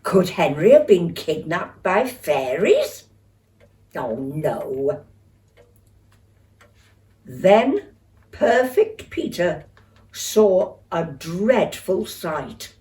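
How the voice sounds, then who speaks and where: An older woman reading a children's story aloud with lively expression, talking to young listeners. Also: on the low side, extremely slow, long pauses, far from the mic.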